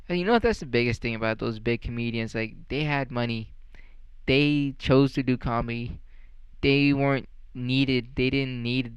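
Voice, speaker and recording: A young man rants in a loose, rambling way, swearing and firing off sarcastic questions. His voice is smooth and clear at a middle pitch. The recording is dry and close. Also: fairly bright tone, no room sound, poor audio. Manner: profane, sarcastic, rambling with many fillers. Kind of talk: casual rant.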